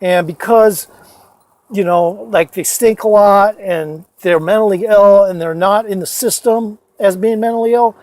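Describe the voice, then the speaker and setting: A man with a notably high-pitched voice tells loose, meandering personal stories into his phone. He swears freely and keeps stopping to restart his sentences, padding them with "uh" and "you know". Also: a little slow, a little mellow, dry recording. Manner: profane, rambling, many fillers and restarts. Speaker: storyteller vlogger. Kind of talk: casual rambling storytelling.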